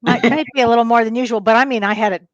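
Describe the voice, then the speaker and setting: A middle-aged woman co-hosting a talk show, telling a personal story in a lively, animated way. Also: on the high side, rapid-fire, dry recording, lo-fi sound. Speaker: co-host. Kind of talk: casual chat, personal storytelling.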